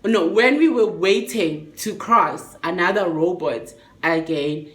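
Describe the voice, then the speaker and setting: A young woman telling a storytime vlog in a chatty, expressive way, with slang and swearing. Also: lowish voice, slow. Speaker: vlogger. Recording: echoey room.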